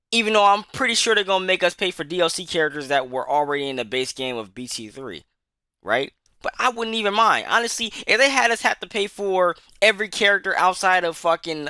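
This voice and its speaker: A man rants hard and profanely about a game, hammering points through repetition. His voice sits a little high and is very bright and piercing. The sound is dry, with no room around it. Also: no echo. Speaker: gaming commentator. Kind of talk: angry ranting monologue.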